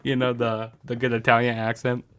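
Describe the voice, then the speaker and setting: A man's voice: medium pitch, completely flat delivery, fairly quick, fairly bright tone, smooth. A man co-hosting a casual podcast over an online call, chatty and joking, laughing often. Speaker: podcast co-host. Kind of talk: casual chat.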